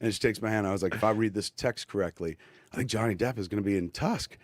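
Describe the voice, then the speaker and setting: A man on a podcast telling an animated, profane anecdote and acting out voices in it. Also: fairly low pitch, fast talker, slight background noise. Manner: excitable, profane, acts out voices in his stories. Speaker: filmmaker telling a story on a podcast.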